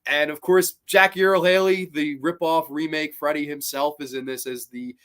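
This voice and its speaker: A man's voice: on the high side, normal speed. A man hosting a casual live-stream movie chat, rambling and swearing a lot as he gets worked up. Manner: rambling, profane, animated. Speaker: host.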